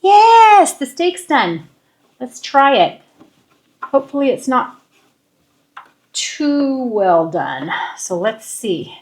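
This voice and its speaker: A woman's voice: sits high, big pitch swings, extremely slow, pauses often, a little mellow. A woman hosting a home cooking vlog, chatting playfully and laughing often in her kitchen. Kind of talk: casual chat.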